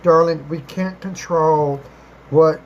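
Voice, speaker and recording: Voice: fairly even intonation, slow, darkish tone, highs cut off, slight background noise. Chatty live-stream host saying "darling" a lot. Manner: affectionate, calls everyone darling and baby; chatty, repeats and rephrases, with swooping pitch jumps. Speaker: livestream host answering viewer questions. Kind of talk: casual live-stream chat.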